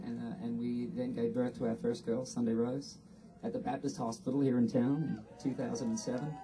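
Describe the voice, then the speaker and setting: An Australian man giving an earnest, unhurried acceptance speech at an outdoor ceremony, pausing often. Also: mid-range voice, dark tone, recorded from a distance, a little hiss or hum, low-quality recording. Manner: earnest, unhurried, with frequent pauses. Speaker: award inductee.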